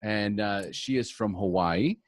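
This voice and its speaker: A man's voice: lowish voice, a little slow, no echo, clean studio sound. Jokey, rambling male podcast host. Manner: jokey and meandering, with many fillers and restarts. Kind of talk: casual podcast interview.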